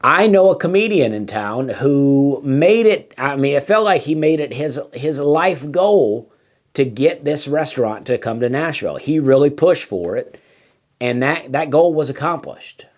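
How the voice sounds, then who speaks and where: A man's voice: on the high side, expressive, a little slow. A man, a comedian telling a meandering story, full of fillers and lost trains of thought. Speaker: stand-up comedian. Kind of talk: rambling comic storytelling.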